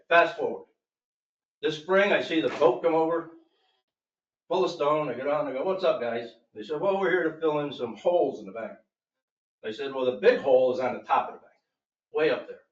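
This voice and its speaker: A man speaks up at a public board meeting, laying out his grievance with emphatic, indignant storytelling. His voice sits a little high for a man. It is picked up by a distant mic in a roomy hall, with a dull, muffled sound. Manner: aggrieved, emphatic storytelling, voices others in quotes. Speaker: property owner speaking at public comment.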